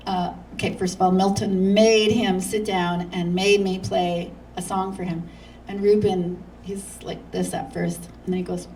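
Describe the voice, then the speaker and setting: Woman telling a lively story from afar. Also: medium pitch, recorded from a distance, slight background noise, rough recording. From Canada. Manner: lively anecdotes, acting out others' lines, frequent laughter. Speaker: guest speaker. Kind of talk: storytelling talk at a church.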